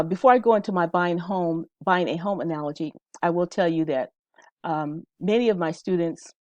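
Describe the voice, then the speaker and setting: Woman instructor, low voice, dry close sound, chatty teaching delivery. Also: dark tone, no echo. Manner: conversational, checks in with "okay?". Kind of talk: casual teaching talk.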